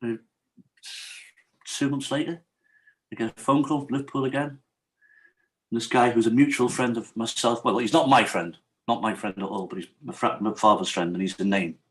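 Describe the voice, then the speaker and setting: A man's voice: medium pitch, low-quality recording. A man, a podcast guest, telling a true story in a casual interview and acting out the quoted dialogue.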